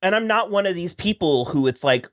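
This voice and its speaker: A man's voice: high-pitched, animated, fairly quick, a bit bright, no room sound. Man, podcast co-host, casual recap chat, exasperated, restarts sentences, dry sound. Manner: frank, exasperated, restarts often.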